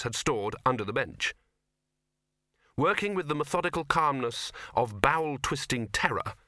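A man narrating an audiobook in a steady, measured way. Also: medium pitch, no room sound, studio quality. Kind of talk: scripted narration.

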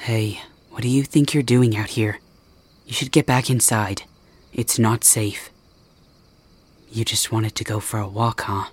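A man playing a husky, stern porch guard. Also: on the low side, steady tone, a little slow, long pauses. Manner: firm, scolding, speaks to listener directly. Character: stern young male porch guard, gruff but giving. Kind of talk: ASMR role-play.

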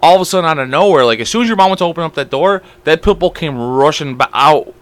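Fast-talking young man, bright and dry. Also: on the high side. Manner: fast, animated storytelling with lots of swearing. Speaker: podcast co-host. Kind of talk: casual podcast chat.

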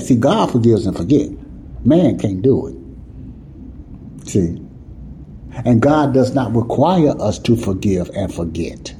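A man's voice: fairly low pitch, expressive, a little slow, warm tone, a little hiss or hum, low-quality recording. A man teaching the Bible in an informal sermon, talking casually with folksy grammar and often asking if listeners see what he's saying. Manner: repetitive, keeps asking "you see what I'm saying?".

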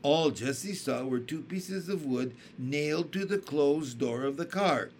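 A man reading a children's book aloud with expressive storytelling. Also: fairly high pitch, measured pace, slight background noise. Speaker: audiobook reader.

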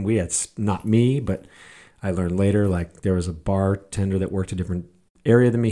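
A man's voice: low-pitched, warm tone. A man delivering a casual, profane monologue, angry and mocking as he rants. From worked as a bartender in Los Angeles. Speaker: podcaster ranting about current events.

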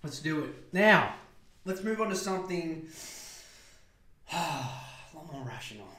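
A man's voice: on the high side, very animated, a little slow, bright, forceful tone. A young Australian man hosting a casual solo podcast, sarcastic and profane, wandering into rambling asides. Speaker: podcast host. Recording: echoey room.

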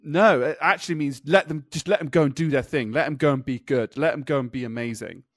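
A man's voice: mid-range voice, fast, fairly bright tone, no room sound, clean studio sound. A man, co-hosting a casual podcast chat, talking loosely and laughing often while he reads things out. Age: 30s. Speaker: podcast co-host.

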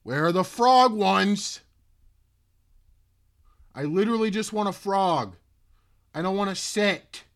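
A man's voice: sits high, slow, long pauses, dry recording. Profane rambling young man, dry sound. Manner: rambling, swearing, loud disbelieving outbursts. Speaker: podcast host. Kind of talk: casual solo podcast chat.

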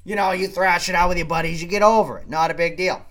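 A man's voice: high voice, steady tone, quick pace, fairly bright tone. A man from Maine doing a profane comedic rant, exasperated and swearing, often repeating himself. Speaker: comedic storyteller.

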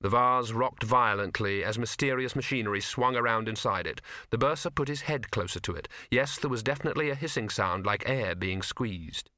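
Bright dry-voiced male narrator. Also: medium pitch, a little fast, few pauses, no room sound. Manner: dry comic storytelling. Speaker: audiobook narrator. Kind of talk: scripted narration.

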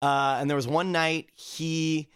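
A man's voice: fairly high pitch, little pitch movement, takes it slowly, a bit bright, smooth, dry recording. Guy rambling thru a story on a podcast, lots of likes and uhs, dry sound. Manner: rambling, filler-heavy storytelling. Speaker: podcast co-host. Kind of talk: casual anecdote telling.

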